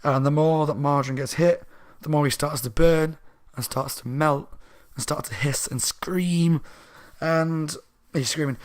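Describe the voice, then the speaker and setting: A man's voice: fairly high pitch, steady tone, normal speed. A slightly drunk man casually recapping a children's horror book for his channel, rambling and correcting himself as he goes. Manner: rambling, chatty, self-correcting. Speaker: book reviewer, channel host.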